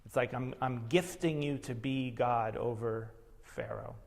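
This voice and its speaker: A male meditation teacher talks in an unhurried, reflective way at a mid-range pitch. His voice carries a long reverb tail, as if he were recorded in a large hall. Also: vocal fry.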